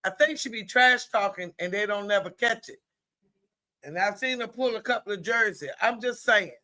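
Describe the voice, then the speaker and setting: A woman streaming live play-by-play commentary in a chatty, colloquial way, exclaiming loudly at good plays. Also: medium pitch, lively intonation, moderate pace.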